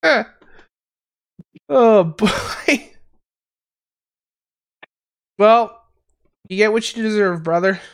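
A man from Canada hosting a podcast in casual chat, high on mushrooms, rambling and giggling with slangy talk. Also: animated, drawn-out words, pauses often. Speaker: podcast host.

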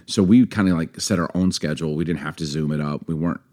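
Homme à la voix très grave, bavard. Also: male voice, a bass voice, fast talker. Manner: relaxed, chatty, many fillers. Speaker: podcast co-host. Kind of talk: casual chat.

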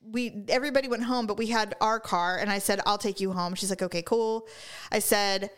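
Animated middle-aged woman telling a story. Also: mid-range voice, brisk, clear, resonant tone. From California. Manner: animated storyteller, swears freely. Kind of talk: casual chat.

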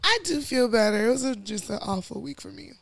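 A woman's voice: fairly high pitch, animated, fairly quick, vocal fry, dry recording. A woman from Portugal co-hosting a podcast in easygoing casual chat. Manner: easygoing, chatty. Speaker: podcast co-host.

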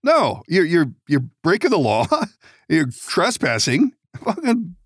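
A man's voice: fairly high pitch, huge pitch swings, takes it slowly, husky, no room sound, studio quality. A man hosting a podcast, telling rambling stories in casual chat, laughing often and swearing. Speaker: podcast host.

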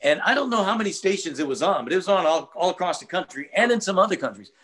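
An older man, a radio host, speaks with a husky voice that sits fairly high and moves through a lively range. He talks earnestly and reflectively in casual conversation, often repeating words as he gathers his thoughts. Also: quick pace. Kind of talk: casual interview chat.

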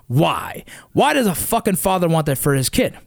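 Middle-aged dad ranting blunt and sweary, kinda high voice, dead dry room. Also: male voice, sing-song, normal speed, gravelly, no room sound. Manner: blunt and profane, heated. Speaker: father of wrestling kids. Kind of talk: casual storytelling rant.

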